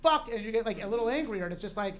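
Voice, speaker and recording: A man hosting at a comedy club, giving comics feedback in an excited, rowdy way. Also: high voice, rapid-fire, a little hiss or hum. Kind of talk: emcee feedback and banter.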